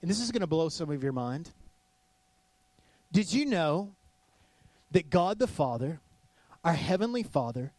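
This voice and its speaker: A male pastor preaching a sermon in a casual, animated way, acting out voices in his stories. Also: a little high, a little slow, long pauses, no echo. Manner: casual with many "like" fillers.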